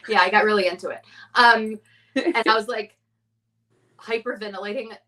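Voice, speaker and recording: A woman's voice: medium pitch, fairly even intonation, moderate pace, sharp tone, recorded from a distance, rough recording. A woman co-hosting a podcast, chatting casually in a bubbly, giggly, gushing way. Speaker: podcast co-host. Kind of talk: casual chat.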